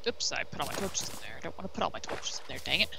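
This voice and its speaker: A woman's voice: sits low, sing-song, very fast, vocal fry, background noise. A laid-back young woman with a Wyoming accent, chatting and giggling with a friend while they play a game together. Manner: laid-back, giggly, sing-song exclamations. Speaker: friend on the call. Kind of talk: casual gaming chat over a voice call.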